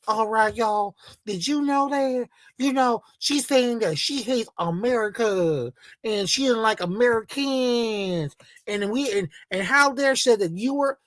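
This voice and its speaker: A man putting on a mocking, drawling Southern US woman's voice in a high, shrill register. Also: bright, forceful tone, no echo, heavily acted.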